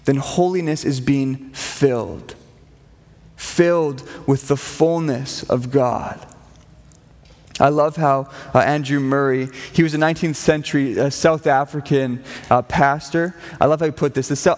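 A pastor preaching a sermon to his congregation, earnest and emphatic, repeating phrases for weight. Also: a little high. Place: church hall. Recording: long hall reverb.

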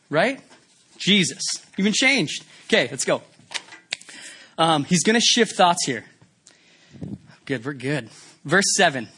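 A man preaching a sermon in a conversational, animated way, asking the congregation rhetorical questions. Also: fairly high pitch, moderate pace, long pauses. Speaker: pastor.

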